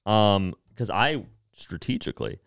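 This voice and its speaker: A man in his twenties, a comedian co-hosting a podcast, telling a work story in an animated, profane way. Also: on the low side, unhurried, creaky, a little hiss or hum.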